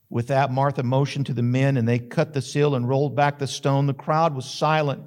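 A man's voice: medium pitch, little pitch movement, moderate pace, few pauses, darkish tone. A male pastor, preaching a sermon that retells a story dramatically and builds to emphatic questions.

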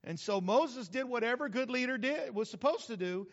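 A man from New Mexico, a pastor preaching a sermon in a folksy, humorous, animated storytelling manner. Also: very high voice, normal speed. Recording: reverberant hall, slightly dull sound.

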